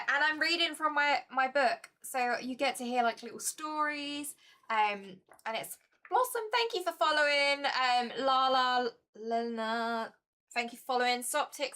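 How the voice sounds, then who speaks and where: Bright, chatty woman streaming. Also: sits high. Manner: chatty, giggly, easily excited. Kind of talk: casual live-stream board game playthrough.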